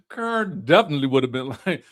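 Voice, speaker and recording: A man's voice: fairly high pitch, expressive, normal speed. A man giving a casual, campy recap of reality TV, laughing often and slipping into a pampered, fussy voice. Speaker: reality TV commentator.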